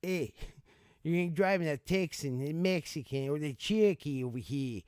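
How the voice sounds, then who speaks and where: A man doing a gruff, blustery local tough guy, pitched up above his usual talk and pushed louder. He lays down the rules in a slangy, no-nonsense manner, and the sound is dry and close. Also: lively intonation, normal speed, no room sound, lightly acted. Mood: blustering.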